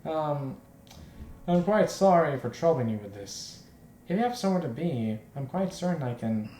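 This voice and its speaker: A man's voice: on the high side, lively intonation, moderate pace, warm tone, close to an everyday voice. A man voicing a polite, formal young woman who apologizes often. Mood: apologetic. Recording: echoey room with faint noise.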